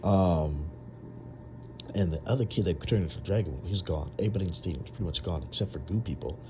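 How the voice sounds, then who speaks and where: A man's voice: deep voice, quick pace, noisy background. A young man casually retelling a long dream, rambling with lots of fillers and restarts. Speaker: storyteller.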